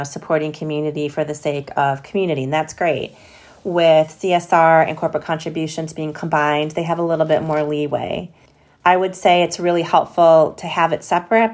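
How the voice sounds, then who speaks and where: A woman who leads a corporate foundation, answering interview questions in a conversational, upbeat way with frequent hedges. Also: low-pitched.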